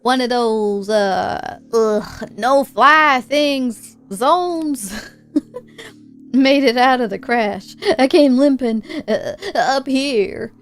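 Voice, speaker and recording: A woman voicing an injured, groggy male pilot who talks in a halting drawl. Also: a little high. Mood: weary. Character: injured, dazed male pilot, rough and weary.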